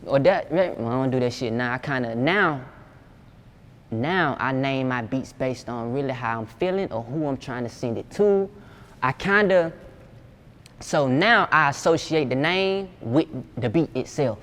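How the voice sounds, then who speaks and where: A man's voice: mid-range voice, animated, a little slow, fairly bright tone. A young man from Georgia, a music producer talking casually and profanely in an interview. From Georgia, USA. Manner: laid-back, slangy, profane.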